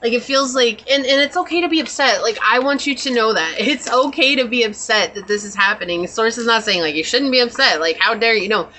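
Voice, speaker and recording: A woman's voice: on the high side, fairly quick, few pauses, bright, forceful tone, slight background noise, low-quality recording. A woman doing a pick-a-card tarot reading, talking in a chatty, reassuring, spiritual way with many casual fillers. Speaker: tarot reader.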